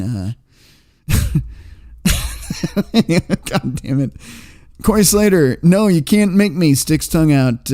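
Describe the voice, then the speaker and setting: A man's voice: mid-range voice, a little mellow. A man hosting a livestream, reading chat comments aloud in a rambling, profane way and laughing often.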